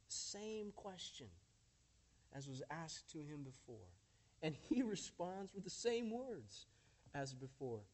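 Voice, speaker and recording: A male pastor preaching a sermon in short phrases with dramatic pauses and shifting emphasis, mixing scripture retelling with folksy asides. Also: on the high side, very animated, a little mellow.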